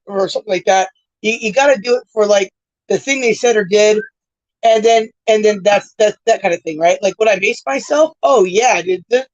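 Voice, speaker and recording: With a mid-range voice and no echo, this livestream host rambles profanely in casual conversation and keeps tagging lines with "right?". The stream's audio is dull and lo-fi.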